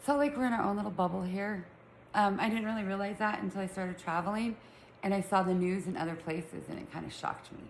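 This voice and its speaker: A woman's voice: medium pitch, quick pace, vocal fry, reverberant, a little hiss or hum, low-quality recording. A middle-aged woman with a Utah accent and a lisp, chatting casually and rambling to her viewers from home. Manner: chatty, rambling, self-teasing. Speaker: vlogger. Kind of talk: casual chat to camera. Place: room at home with pets.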